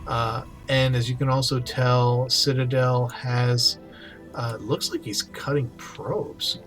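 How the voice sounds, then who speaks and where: A young man casts a casual game replay, chatty and playful with jokey asides. His mid-range voice is steady and slow, and faint music plays behind him.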